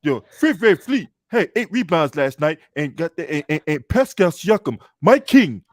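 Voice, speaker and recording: An indignant fan with a Zimbabwean accent, put on by a man who fires off emphatic questions. The voice sits high and sounds close and dry, with no room around it. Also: sing-song, normal speed, no echo.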